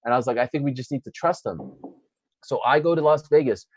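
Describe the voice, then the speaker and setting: A man's voice: mid-range voice, quick pace, no room sound, low-quality recording. A man interviewing a guest, telling a long story in casual chat and acting out what people said. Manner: animated storyteller acting out quotes.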